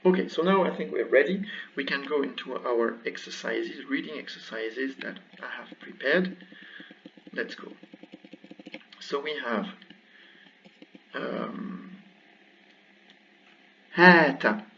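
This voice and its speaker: A man teaching a recorded language lesson, slowly reading words aloud and repeating them for practice. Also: medium pitch, vocal fry, a bit bright, a little hiss or hum. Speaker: Arabic teacher. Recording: distant, dull lo-fi mic.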